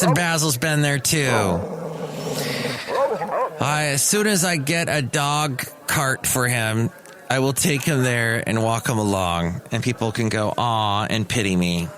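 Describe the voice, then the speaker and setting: Man, podcast host, solo monologue, dry sarcasm, rambling asides, mid-pitched voice. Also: measured pace, a crowd in the background. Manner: sarcastic, rambling, self-mocking. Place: small cafe studio.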